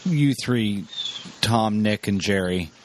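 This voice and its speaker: A man's voice: lowish voice, slow, darkish tone, a little hiss or hum. A man hosting a podcast, chatting casually and asking his guests questions. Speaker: podcast host.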